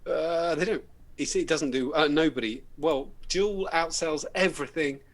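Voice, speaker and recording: A man's voice: a little high, moderate pace, no echo. Blunt, sweary English man hosting. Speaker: host. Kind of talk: casual chat.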